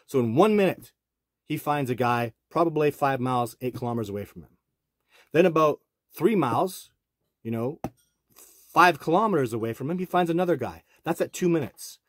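A middle-aged man with a husky, slightly breathy voice speaks straight to his viewers. He keeps pressing the same points in a rambling, self-assured monologue. The sound is close and dry, with no room around it. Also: a little high, lively intonation, normal speed, dry recording. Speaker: bigfoot researcher and channel host.

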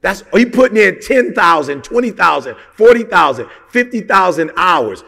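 A man's voice: sits high, sing-song, moderate pace, creaky, sharp tone, long reverb tail. A man giving a motivational talk, emphatic and colloquial, firing off rhetorical questions. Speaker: motivational speaker.

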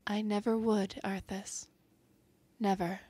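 A man voicing a gentle young female mage in a hushed, breathy tone. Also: high voice, level tone, slow, no echo, clean studio sound, voice pushed up. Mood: tender. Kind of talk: storytelling with voiced characters.

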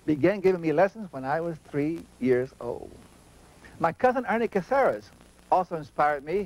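Host, man, 60s, from Texas; calm, measured scripted narration, slightly higher pitch. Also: poor audio. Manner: reminiscing, measured storytelling.

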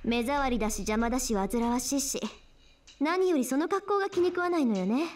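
High-pitched, very fast, taunting, haughty teen girl mage, visual novel acting. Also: lively intonation, a little mellow, a little hiss or hum. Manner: taunting, rapid-fire insults.

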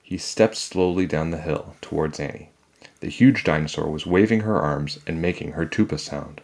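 A man with a very low, deep voice reads a children's chapter book aloud. His storytelling is calm and measured, with an unhurried, even delivery.

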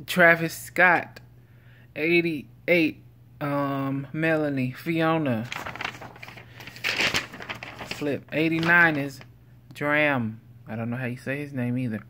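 A man vlogging, reading out a numbered list slowly and deliberately, with playful silly asides. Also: fairly high pitch, bright, forceful tone.

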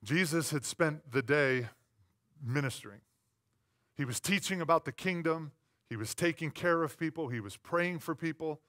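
Bright-voiced pastor preaching a sermon. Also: male voice, a little high. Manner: swings from quiet, intimate asides to loud, emphatic repetition; conversational, with fillers and playful asides.

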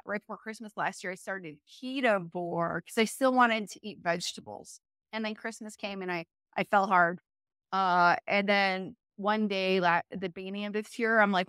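A woman with a medium-pitched, fairly bright, clear and resonant voice speaks as an interview guest, recorded dry with clean studio sound. She tells her story casually and chattily, full of fillers and self-corrections, and laughs often.

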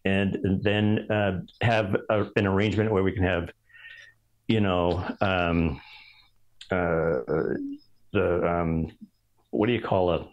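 A male architect guest telling stories in casual conversation, halting, with many ums and restarts. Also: sits low, flat delivery, highs cut off. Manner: rambling, halting delivery full of ums and restarts.

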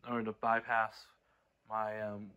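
A young man ranting straight to camera, exasperated and scolding, tripping over restarts and swinging between low mutters and shouted outbursts. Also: monotone, moderate pace, clear, resonant tone, narrow, tinny audio. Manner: stumbling restarts. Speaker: cartoon creator. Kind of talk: angry direct-to-camera rant.

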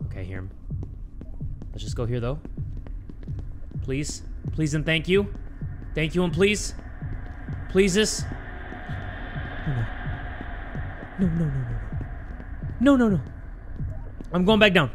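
Jumpy young man shouting over game music. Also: a little high. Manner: jumpy, swearing, yelps and shouts when scared. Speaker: gaming YouTuber. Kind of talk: horror game let's play commentary.

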